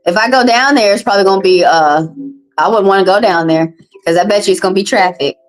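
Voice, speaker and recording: A woman with a Southern US accent reading tarot on a live stream, chatting casually in a profane, animated way. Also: mid-range voice, quick pace, faint music behind, poor audio. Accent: Southern US, Texas. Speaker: tarot reader.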